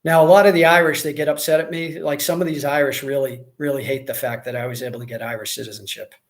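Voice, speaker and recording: An American man hosts a casual livestream, answering viewer comments as he goes. His talk rambles, full of fillers and restarts, and his voice sits a little higher than most men's. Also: fairly even intonation, quick pace. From United States. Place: Mexico.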